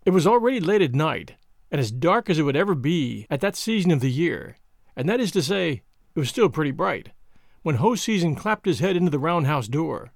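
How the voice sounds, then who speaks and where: A man hosting and narrating an audiobook with a steady, expressive reading. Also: on the high side, fairly quick, gravelly, no echo, studio quality.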